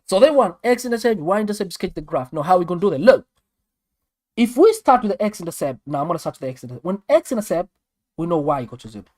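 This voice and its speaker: A South African man tutoring maths online in an animated, sing-song way, his pitch leaping up and down as he repeats each step. The sound is dry and close, with no room around his voice. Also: fast talker, dry recording. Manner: animated, repeats steps, talks straight to viewers. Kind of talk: live online maths lesson.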